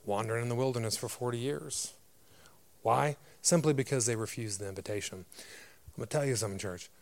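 A man preaching a sermon as a pastor, with a loud, grumbly voice and a direct, emphatic manner full of rhetorical questions. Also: medium pitch, fairly quick.

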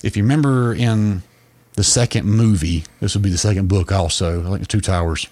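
A man's voice: deep voice, brisk, darkish tone. A man co-hosting a podcast, explaining a long story in a casual way, with frequent restarts. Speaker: podcast co-host.

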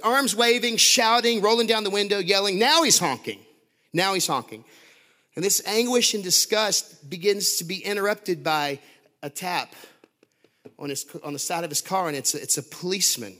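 A man preaching in a lively, chatty way, slipping into laughter and stumbling over restarts as he tells a story. His voice sits a little higher than most men's. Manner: animated, laughing often, many restarts and fillers. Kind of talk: sermon with storytelling.

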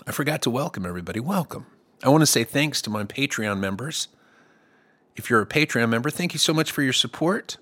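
A man's voice: lowish voice, a bit bright. Rambling, joking middle-aged man host. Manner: loose, comic, with playful put-on voices. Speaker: podcast host and songwriter. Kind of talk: casual rambling monologue.

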